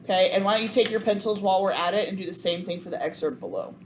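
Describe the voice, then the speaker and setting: Racing through her words at a medium pitch, a woman leads a cello sectional, counting beats aloud and repeatedly apologizing. The room sound is noisy.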